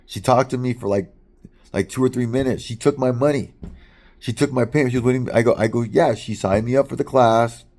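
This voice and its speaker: A man's voice: mid-range voice, brisk, darkish tone. A man telling a casual, rambling story in a monologue, repeating words often and swearing as he talks.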